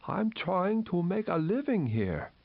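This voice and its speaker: A grumpy stingy trader. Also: male voice, high voice, sing-song, a little slow, creaky, no room sound, exaggerated voice. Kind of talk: video game voice acting. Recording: dull, dry lo-fi game audio.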